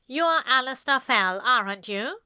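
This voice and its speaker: A woman voicing a smarmy, sneering male stranger with a flat, rehearsed delivery. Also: high voice, unhurried, clear, resonant tone, no room sound, clean studio sound, voice pushed up, exaggerated voice. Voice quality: monotone, smarmy.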